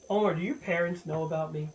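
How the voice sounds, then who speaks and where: A man giving casual gameplay commentary to a viewer, rambling and swearing, often restarting his words. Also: on the high side. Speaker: gaming channel host.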